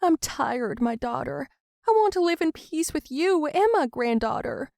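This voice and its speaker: A woman voicing a calm, persuasive older grandmother in an animated storybook. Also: sits high, unhurried, gravelly, no room sound, studio quality, voice pushed up, heavily acted. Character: older grandmother, calm, coaxing beauty-salon owner.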